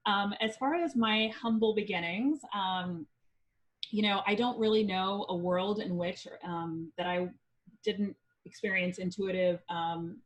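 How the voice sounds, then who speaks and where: A woman from Indiana, a psychic medium guest on a podcast, telling a personal story in a chatty, lively way with frequent ums. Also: mid-range voice, unhurried, low-quality recording.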